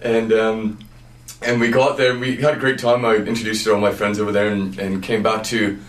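Low-voiced Canadian man in a roomy space. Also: level tone, a little fast. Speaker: guitarist and interview guest. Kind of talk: casual storytelling interview.

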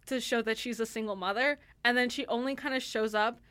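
A woman's voice: fairly high pitch, steady tone, brisk, fairly bright tone, clear, resonant tone. A young woman reviewing a play in casual radio chat, talking loosely with many fillers and restarts. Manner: chatty, lots of fillers and restarts, laughs easily. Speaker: theatre reviewer.

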